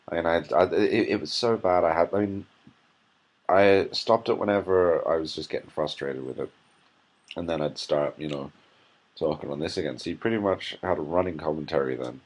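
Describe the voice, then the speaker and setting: Man, hungover, husky rough voice, irritable sweary vlog commentary. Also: rumbling low. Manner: irritable, swearing, sighing rant. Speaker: vlogger. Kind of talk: ranting running commentary.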